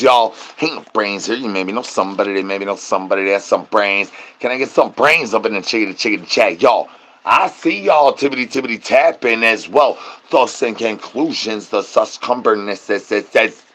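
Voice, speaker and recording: A man rambling through a live-stream chat, chanting nonsense rhymes and catchphrases with sudden high-pitched outbursts. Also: moderate pace, fairly bright tone, a little hiss or hum.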